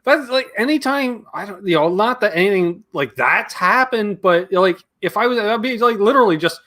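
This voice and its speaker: Canadian host guy, high bright voice, swears a lot, super animated. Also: moderate pace, few pauses. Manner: blunt, profane, animated. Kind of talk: casual chat.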